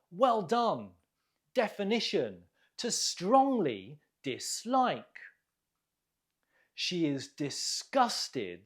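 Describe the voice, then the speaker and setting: An English teacher runs an online vocabulary lesson at an unhurried, very slow pace, giving each word and each bit of praise plenty of room. The voice swings widely in pitch and sounds animated. Each word gets drilled with deliberate stress, followed by encouraging praise.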